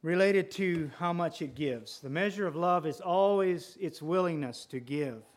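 A male preacher delivering a sermon with a deliberate, emphatic manner, often repeating phrases for effect. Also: fairly high pitch.

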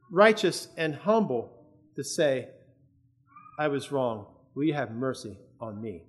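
A man's voice: sits high, a bit bright. A man preaching a sermon in an earnest, conversational way, often checking that his listeners follow.

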